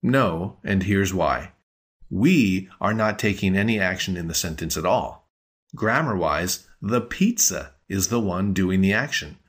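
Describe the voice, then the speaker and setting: This is a patient male podcast teacher with a somewhat low voice. He talks through a scripted language lesson clearly and slows down whenever he lands on a key word. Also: lively intonation. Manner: clear, patient explaining with slowed-down emphasis.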